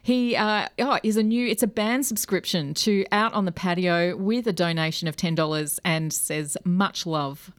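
A woman's voice: on the low side, normal speed, few pauses. A woman with an Australian accent hosting a community radio show in a friendly way, laughing easily and using fillers. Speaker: radio host.

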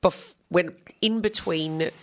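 A woman's voice: lowish voice, slow. A woman, a bakery founder, chatting enthusiastically in an interview. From Australia. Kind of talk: casual interview chat.

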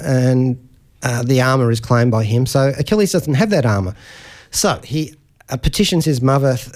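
A man's voice: medium pitch, darkish tone. A man hosting a studio radio interview, chatty and hesitant, with frequent fillers and pop-culture quips. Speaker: radio host.

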